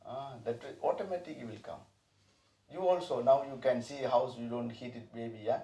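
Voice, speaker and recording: Gravelly man teaching in broken English. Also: medium pitch, a little fast, recorded from a distance. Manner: broken English, repetitive, animated bursts. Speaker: spiritual teacher. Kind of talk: informal spiritual talk. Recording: echoey room, voice off-mic.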